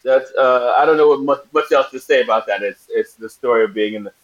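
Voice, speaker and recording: A man from Brooklyn, New York, telling stories as a guest actor in a casual interview, animated and laughing often. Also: medium pitch, fast, rough recording. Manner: animated storyteller, laughs often, acts out quotes. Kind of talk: casual anecdotal interview chat.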